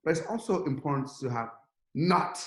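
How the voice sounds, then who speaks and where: A middle-aged man, a podcast guest, telling a story in a lively, casual way and acting out the quotes. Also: medium pitch, fast, roomy sound. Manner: animated, acts out quotes in a rising voice.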